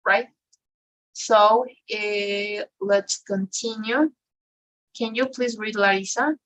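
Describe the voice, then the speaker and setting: A woman's voice: medium pitch, steady tone, slow pace, a bit bright, highs cut off. Bilingual woman teaching English grammar. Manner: switches between English and Spanish, tags sentences with "right?". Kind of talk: online class explanation.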